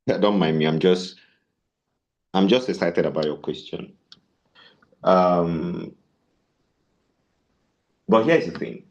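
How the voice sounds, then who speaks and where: A man's voice: low voice, lo-fi sound. A man leading a tech sales bootcamp, telling stories and asking rhetorical questions as he teaches. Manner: animated, storytelling with rhetorical questions. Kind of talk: bootcamp lecture with storytelling.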